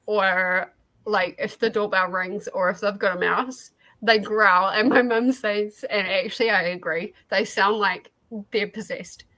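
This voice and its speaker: A woman chats casually, hesitating and filling gaps with "like." Her voice is bright and forward, at a middle pitch. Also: steady tone, unhurried, poor audio. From New Zealand. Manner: hesitant, many fillers like "like". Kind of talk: casual chat.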